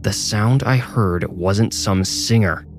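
A man's voice: mid-range voice, very animated, normal speed, soft background music, pitched above the performer's own voice, lightly acted. A man voicing a frightened, deadly serious male mover in a horror story, grim and insistent.

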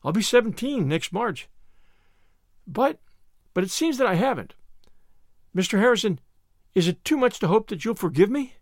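A man's voice: sits high, very animated, moderate pace, pauses often, no room sound, clean studio sound, pitched above the performer's own voice, heavily acted. A man reading aloud and voicing an impulsive teenage girl who talks in earnest, gushing runs. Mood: earnest, apologetic. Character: eager talkative teenage girl, impulsive and apologetic.

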